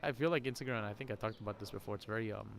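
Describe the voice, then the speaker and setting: A podcast host with a low voice and vocal fry rattles on very quickly in a casual vlog monologue at an outdoor shopping center. He rambles and laughs a lot while a faint crowd murmurs around him.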